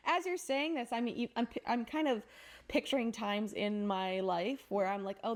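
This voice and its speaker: A woman podcast host chats with her guest in an easy, self-deprecating way and laughs readily. Her voice sits a little high for a woman. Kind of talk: casual podcast interview.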